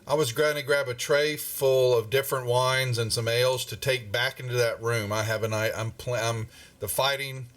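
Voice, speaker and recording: A man playing in a tabletop game, talking in halting bits with frequent restarts. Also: mid-range voice, fairly even intonation, a bit bright. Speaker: player. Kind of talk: casual tabletop play.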